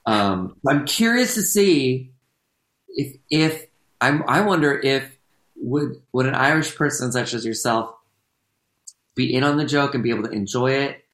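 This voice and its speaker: A man's voice: mid-range voice, expressive, measured pace, fairly bright tone. A man chatting casually as a podcast co-host, rambling with many fillers and restarts. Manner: rambling, full of fillers and self-corrections. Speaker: podcast co-host and stage performer. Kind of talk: casual chat. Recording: echoey room.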